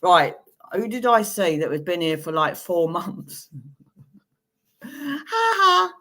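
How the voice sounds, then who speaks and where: A woman's voice: fairly low pitch, very animated, slow. A woman giving a live-streamed tarot reading, chatty and giggly, laughing at her own jokes while reassuring viewers. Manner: chatty, giggly and self-amused; warm, reassuring advice to viewers. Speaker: tarot reader.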